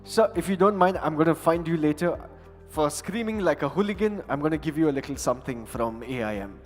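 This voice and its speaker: A man's voice: fairly high pitch, expressive, a little fast. A man hosting a conference from the stage with a handheld mic, teasing and joking with the crowd in a playful, chatty way. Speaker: event host and emcee. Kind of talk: lively stage hosting with audience banter. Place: large conference hall stage. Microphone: handheld microphone. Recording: long hall reverb, faint music.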